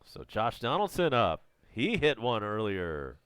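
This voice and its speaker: Southern American man doing casual live baseball calls, voice worn and close to giving out, dry close mic, clear tone. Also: lowish voice, unhurried, no room sound. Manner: casual, chatty calls with excited home run shouts. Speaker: fan play-by-play announcer. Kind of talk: live baseball play-by-play commentary.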